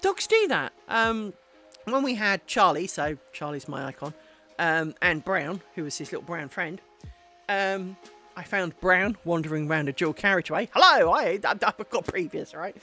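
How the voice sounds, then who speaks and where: A woman talks casually on her home crafting livestream, drifting from one anecdote to the next with plenty of ums and restarts. Her pitch swoops up and down as she tells the story. Faint music plays quietly behind her. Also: lively intonation, moderate pace. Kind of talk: casual chat while crafting. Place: home craft stream setup.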